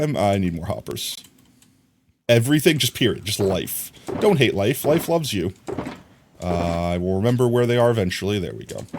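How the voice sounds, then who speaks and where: A man streaming a block-building game, chatting casually with his chat and greeting viewers while he works. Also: medium pitch. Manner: chatty, reads and answers chat while building, hums bam bam to himself. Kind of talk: casual live game commentary.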